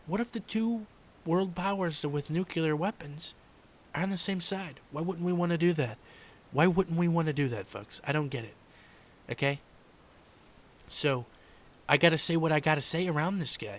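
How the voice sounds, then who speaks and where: A man doing a comedic impression of a brash older male politician who rambles in circles and lets "folks" and "okay" trail off quietly. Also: fairly high pitch, normal speed, lightly acted. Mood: rambling. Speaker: podcast host doing an impression.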